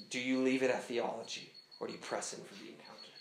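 A pastor preaches at a camp gathering in an echoey meeting hall with noisy surroundings. His medium-pitched voice is creaky, fast, and fairly flat in pitch, yet he speaks casually and animatedly, laughing often along the way.

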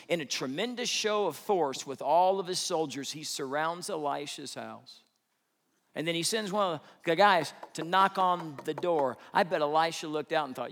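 A man preaching a sermon, conversational and animated, acting out the quotes he tells. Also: a little high, in a large hall. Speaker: pastor.

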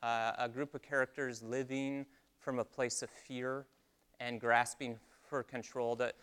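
Bright-voiced man preaching a story. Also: mid-range voice, clean tone. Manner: storytelling, animated, then slow and hushed for reflection. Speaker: pastor. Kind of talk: sermon.

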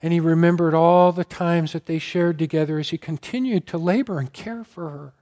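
High-voiced male pastor preaching earnestly. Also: brisk, a little mellow. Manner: earnest, emotional storytelling, gets choked up. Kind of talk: sermon.

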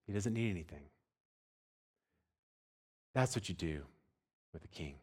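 A man in his forties preaching a sermon in a conversational way, full of asides and "right?" checks, dropping soft and quiet for tender points. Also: sits low, expressive, unhurried, husky. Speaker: pastor.

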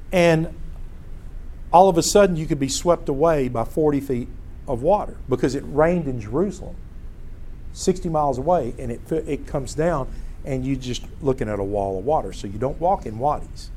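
A man teaching a casual Bible lesson, telling stories in an animated way and often breaking off to restart a phrase. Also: on the high side. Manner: storytelling, animated, self-interrupting.

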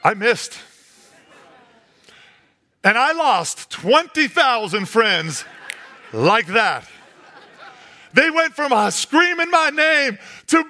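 A man preaching a sermon, telling a comic story as an animated storyteller who drops to a hush for effect. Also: very high-pitched, slow pace, long pauses.

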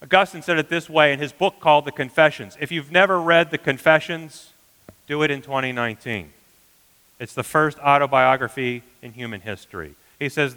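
A man preaching a sermon as pastor, earnest, often dropping to a hushed emphasis. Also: a little high, a little fast, long reverb tail, poor audio.

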